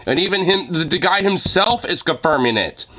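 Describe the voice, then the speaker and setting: Exasperated, sweary young man, bright voice. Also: fairly high pitch, expressive, moderate pace. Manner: exasperated, swears heavily, rambling with many fillers. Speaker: streamer reacting to news clips. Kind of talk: casual profane reaction commentary.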